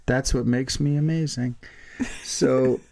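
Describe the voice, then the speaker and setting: A man co-hosting a casual podcast, from the American Midwest. He talks in a teasing way, laughs often and swears freely, at a middle pitch. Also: fairly even intonation, slow, gravelly, darkish tone. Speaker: podcast co-host. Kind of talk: casual chat.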